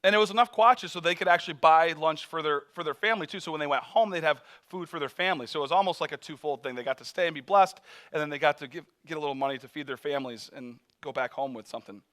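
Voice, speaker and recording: A man telling a mission story in a sermon, animated, acting out voices and laughing often. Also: on the high side, very fast.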